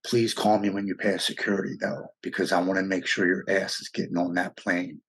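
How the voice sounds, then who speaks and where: A man's voice: sits low, level tone, a little fast, a bit bright, slightly rough. A middle-aged American man telling his personal story as an interview guest, blunt, raw and profane. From United States.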